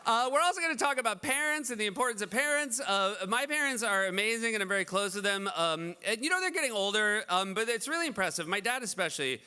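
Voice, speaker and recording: A man in his forties with a high, very bright, crisp voice hosts a benefit gala. His stories are dry and self-deprecating, told in an animated stand-up manner. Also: fast, few pauses. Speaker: event host. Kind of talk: stand-up style benefit hosting. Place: large event hall.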